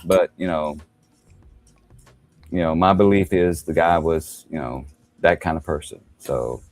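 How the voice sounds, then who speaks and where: A man's voice: rumbling low, fairly even intonation, a little slow, darkish tone, no room sound, faint music behind. A man chatting casually on a podcast, emphatic and dropping "man" into his sentences. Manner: emphatic, peppers talk with "man". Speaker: podcast co-host or guest. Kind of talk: casual chat.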